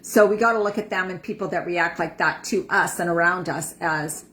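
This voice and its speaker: A woman's voice: on the low side, normal speed, few pauses, a bit bright, slight background noise. A woman in her fifties giving a casual motivational talk as an empowerment coach, chatty and repeating words for emphasis. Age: 50s.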